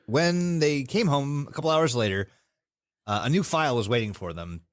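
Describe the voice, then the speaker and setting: A man's voice: medium pitch, normal speed, no echo, studio quality. A young adult man co-hosting a comedic podcast, telling a story casually with laughs and self-corrections.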